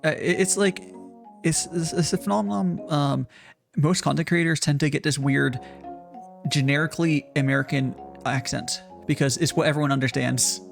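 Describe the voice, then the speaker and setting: A man's voice: on the high side, steady tone, moderate pace, creaky, soft background music. A man hosting a casual chat, rambling and hesitant, often trailing off mid-thought. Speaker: host.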